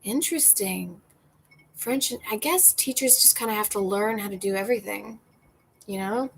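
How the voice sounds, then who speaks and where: A woman's voice: medium pitch, normal speed, creaky, rough recording. A woman with a mid-range voice chats loosely with her viewers over a drink, rambling from one thought to the next and laughing often. She talks from her porch, with faint ambient noise in the background. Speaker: livestream host reading viewer comments. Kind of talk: casual chat over a cocktail.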